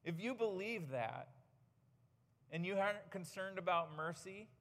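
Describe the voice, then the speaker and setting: A pastor delivers a sermon, pressing his points with earnest, emphatic rhetorical questions. His voice sits a little high for a man. The sound rings with the long reverb of a church hall. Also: expressive, unhurried, fairly bright tone.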